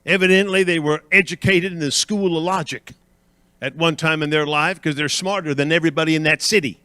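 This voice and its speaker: A man delivers a church sermon in a bright, forceful voice pitched a little high. He hammers phrases again and again and keeps checking that the congregation is with him. The sound is dry and close. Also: a little fast, clear, resonant tone, no echo. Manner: emphatic, repeats phrases with rising intensity, quizzes the congregation. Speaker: guest preacher.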